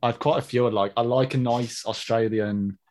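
Brummie bloke on a podcast, mid pitch, lots of ums, casual. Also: male voice, fairly even intonation, moderate pace, a little mellow. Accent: Birmingham. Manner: hesitant, lots of ums, laughs easily. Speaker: podcast co-host. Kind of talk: casual chat.

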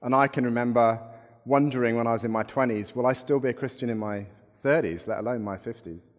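A man's voice: mid-range voice, quick pace. A middle-aged man preaching a sermon, telling a story in a conversational way with wry asides. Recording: long reverb in a hall.

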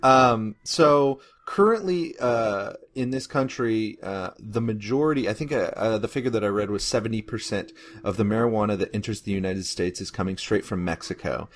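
A man's voice: on the low side, moderate pace, hardly any pauses. A man co-hosting a podcast, explaining figures in a casual discussion with many "um"s and restarts. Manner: informative, hesitant with many "um"s. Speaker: podcast co-host.

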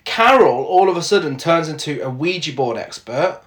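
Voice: mid-range voice, expressive, moderate pace. A podcast co-host recapping a film in casual chat, laughing often and swearing freely. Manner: giggly, swears freely, recaps plot with quoted lines.

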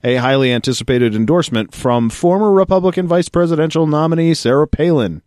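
A man's voice: a little high, lively intonation, a little fast, a little mellow, no room sound, clean studio sound. A man co-hosting a podcast, reading news excerpts aloud and joking about them with a co-host, often laughing. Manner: reads news excerpts then jokes and laughs. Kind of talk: casual podcast chat reading articles aloud.

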